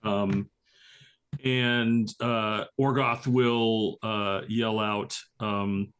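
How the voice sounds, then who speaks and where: A man playing a tabletop game, describing his character's moves slowly and hesitantly. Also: fairly low pitch, fairly even intonation, a bit bright, smooth. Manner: slow, hesitant, many fillers. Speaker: player. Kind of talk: tabletop role-play, casual.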